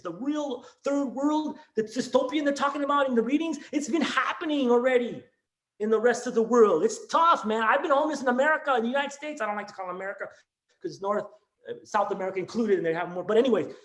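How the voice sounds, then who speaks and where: A very high-pitched man speaks in a reverberant room. As an elementary school teacher on a class video call discussion, he talks with raw emotion, rambles, restarts often, and leans on "man" and "dude."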